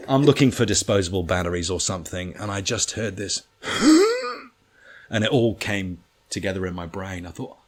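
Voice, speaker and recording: A man with a fairly low voice tells rambling comic anecdotes in a relaxed conversational way. His delivery is animated and salty, full of swearing and punchlines. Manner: animated, profane, comic storytelling. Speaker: guest storyteller. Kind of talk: casual anecdote telling.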